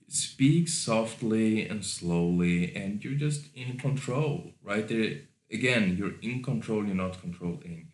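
A man co-hosting a casual podcast, giving advice emphatically and swearing now and then. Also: lowish voice. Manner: emphatic, swears, stresses words. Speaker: podcast co-host. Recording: roomy echoey room.

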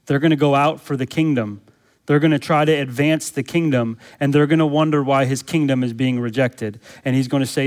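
A man's voice: medium pitch, darkish tone. A man, a pastor, preaching a sermon with emphatic rhetorical questions and repeated phrases for emphasis.

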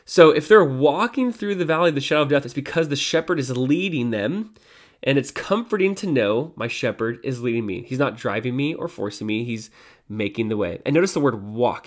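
Brief: male devotional host, mid-pitched voice, casual Bible talk, loose phrasing with fillers. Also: lively intonation, a little fast. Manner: casual, with fillers and self-corrections. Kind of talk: conversational Bible teaching.

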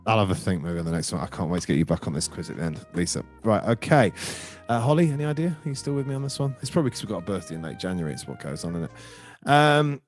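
A man's voice: fairly low pitch, no room sound, clean studio sound. A man hosting a casual football chat on a video call, joking and self-deprecating, rambling from point to point. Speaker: podcast host.

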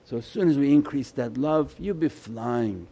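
A man giving a Sufi sermon as shaykh, impassioned and pleading, his voice swelling loud and then dropping low. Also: normal speed.

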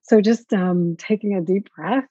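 A woman hosting a casual interview, gushing and warm, with many fillers. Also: mid-range voice, unhurried, breathy edge, no echo, highs cut off. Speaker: host.

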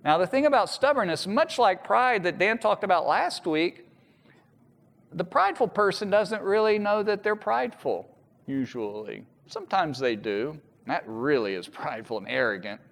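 A man preaching a sermon, telling a story with lively voiced quotes. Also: high voice, normal speed, vocal fry. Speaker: pastor. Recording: echoey hall with long reverb.

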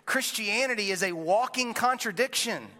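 A large room's long reverb follows a pastor in his thirties as he preaches in the sanctuary, spinning a family story loosely and poking fun at himself. He speaks at a moderate pace in a high-pitched voice with a sharp tone.

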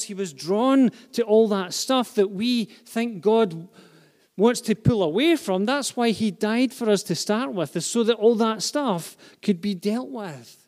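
A man preaching a sermon to a congregation, swinging from hushed, intimate phrases to loud, repeated emphasis. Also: high-pitched, normal speed. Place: church hall with a live and online congregation. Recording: long reverb of a large hall.

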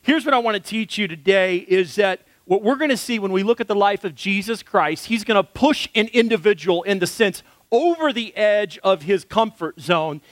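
A man's voice: high-pitched, animated, moderate pace, hardly any pauses, no echo. A male pastor giving a storytelling sermon in a conversational way, with frequent fillers.

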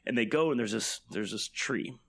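A man's voice: fairly low pitch, moderate pace, gravelly. A man, a guest on a podcast and a game master, telling a story in a laid-back way with lots of fillers. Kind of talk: casual podcast chat.

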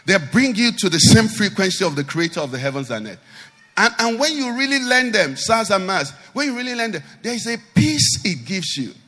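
Animated male pastor, bright and high-pitched, preaching with rhetorical questions. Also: brisk, long reverb tail. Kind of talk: sermon.

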